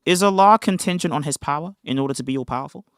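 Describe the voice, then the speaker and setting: A man hosting a heated live debate, cocky and needling, sometimes slowing his words down to mock the other side. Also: fairly high pitch, a bit bright. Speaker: host debating callers.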